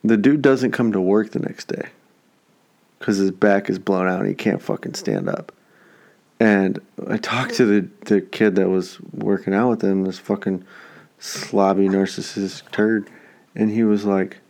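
A man's voice: fairly low pitch, measured pace, gravelly, a little mellow. Profane man telling a gym story. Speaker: podcast co-host. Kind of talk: casual chat.

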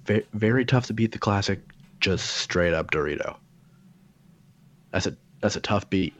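A man's voice: on the low side, moderate pace. Profane, rambling man in casual chat. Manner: profane, animated, digressive.

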